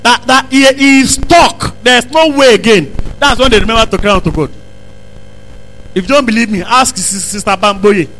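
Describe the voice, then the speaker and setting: A male preacher delivers a sermon in a strikingly high, bright voice. He drives points home by repeating lines and rising into shouts. The delivery is fervent and insistent. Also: normal speed, low-quality recording. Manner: emphatic preaching, repeats phrases, bursts into shouts. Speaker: pastor.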